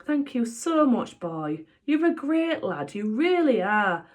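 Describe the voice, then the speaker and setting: A woman voicing an emotional, soft-hearted middle-aged father who talks in a gushing, overwrought way in a storybook. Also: a little high, very animated, slow, voice pushed up, heavily acted.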